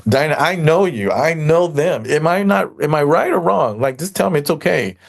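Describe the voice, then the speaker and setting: A man's voice: on the high side, expressive, normal speed, vocal fry. A man chatting casually on a podcast, telling rambling stories and acting out the people in them. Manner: rambling storyteller, acts out quoted people. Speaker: podcast guest.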